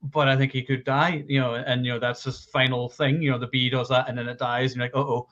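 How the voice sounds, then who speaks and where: A man talking fast and opinionated in a casual movie discussion. His voice comes through a dull, lo-fi mic. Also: medium pitch, flat delivery, a bit bright. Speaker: podcast co-host.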